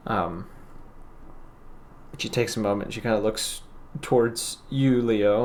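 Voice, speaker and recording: A man's voice: on the low side, fairly even intonation, takes it slowly, pauses often, darkish tone, slight background noise. Casual game master man narrating. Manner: casual, many fillers and hedges.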